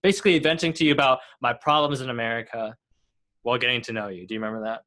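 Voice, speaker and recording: A man in his twenties hosting a casual podcast, easygoing, with quick supportive replies and frequent laughs. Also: mid-range voice, sharp tone. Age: 20s. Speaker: podcast host.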